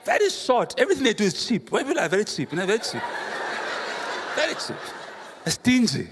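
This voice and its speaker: A man, a pastor preaching a sermon with humorous, animated storytelling and rhetorical questions. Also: high-pitched, a little fast. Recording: reverberant hall, faint room noise.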